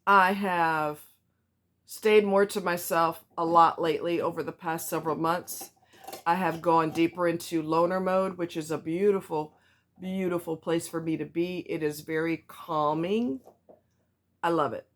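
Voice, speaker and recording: A woman's voice: on the low side, fairly even intonation, a little slow. A woman ranting to her viewers in a vlog, blunt and emphatic, repeating herself for stress. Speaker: vlogger. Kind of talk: ranting to camera.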